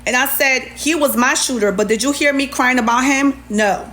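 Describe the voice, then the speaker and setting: A woman's voice: high voice, normal speed, a bit bright. A woman, ranting heatedly on a livestream and retelling an argument with plenty of sass. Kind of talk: livestream rant.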